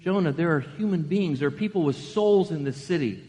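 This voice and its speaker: Older male pastor in his 60s, animated sermon delivery, raised voice, long church reverb. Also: on the high side, a little fast. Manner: animated, conversational preaching with rhetorical questions.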